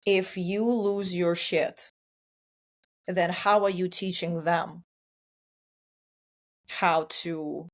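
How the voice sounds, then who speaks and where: A woman co-hosting a podcast, talking in a reflective, earnest way and often restarting mid-thought. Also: on the low side. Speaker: podcast co-host. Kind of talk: casual chat.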